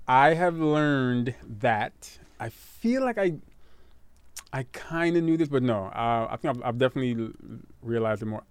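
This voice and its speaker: A man's voice: mid-range voice, clean tone, no room sound. A man talking casually with his partner, rambling, often repeating words and laughing. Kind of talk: casual couple chat.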